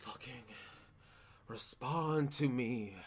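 A man ranting and shouting profanely at other players during gameplay commentary. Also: mid-range voice, slow. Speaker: gamer.

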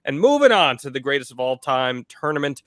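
A man co-hosting a podcast, keeping the chat lively and jokey as he moves through the results. His voice sits at a middle pitch and sounds dry and close to the mic, with no room around it. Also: fairly quick, no room sound. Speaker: podcast co-host. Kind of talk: casual chat.

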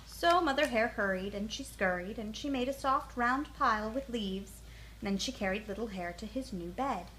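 A woman gently reading a children's picture book aloud in a soothing bedtime manner. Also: on the high side, normal speed, a little hiss or hum, poor audio. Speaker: storyteller.

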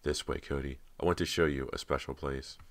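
A man voicing a ghostly teenage girl who speaks softly and coolly, coaxing her sister to follow. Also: steady tone, fairly quick, dry recording. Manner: soft, low, beckoning delivery.

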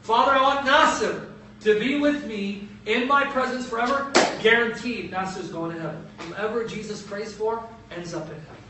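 A man preaching a sermon to an audience, emphatic and building to loud peaks on key phrases. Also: sits high, normal speed, background noise. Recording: echoey room, distant mic.

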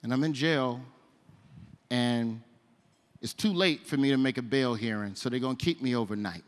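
A man performing stand-up comedy, telling a story and moving from hushed asides to loud punchlines. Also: mid-range voice, normal speed. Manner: animated, shifts between hushed and loud. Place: comedy stage.

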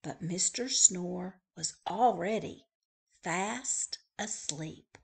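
A woman librarian reading a picture book aloud to young children, expressive and full of sound effects. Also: mid-range voice, slow.

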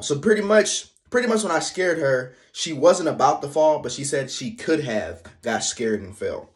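A man telling a casual spoken anecdote, halting, full of restarts and slangy fillers. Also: on the high side, expressive. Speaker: storyteller.

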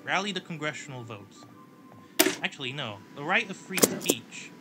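A man's voice: fairly high pitch, expressive, moderate pace, loud music behind the voice. Man musing over a strategy game. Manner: thinking aloud, musing. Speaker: gameplay commentator and story narrator. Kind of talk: casual game commentary.

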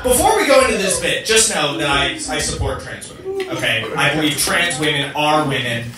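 A man performing a stand-up comedy set in a comedy club, deadpan jokes and riffing with the crowd. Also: fairly high pitch, a little fast. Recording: echoey club from a far mic, loud noise. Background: audience laughter.

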